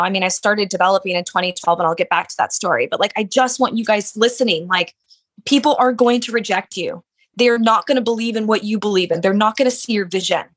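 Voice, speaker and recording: A woman's voice: medium pitch, fairly bright tone. A woman business owner telling her story in a casual interview, chatty and candid, with many "like" fillers. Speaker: handbag designer, business owner.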